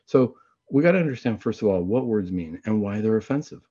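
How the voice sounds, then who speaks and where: A man hosting a Catholic talk show, chatting in a casual, conversational way and often clearing his throat. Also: lowish voice, sing-song, fast, warm tone. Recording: dull lo-fi recording.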